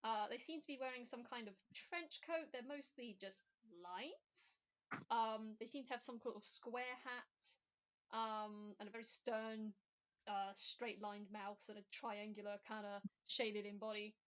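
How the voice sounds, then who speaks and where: A woman's voice: on the high side, steady tone, measured pace, fairly bright tone, clear, resonant tone, muffled recording. A woman game master narrating a tabletop game, with many ums and uhs.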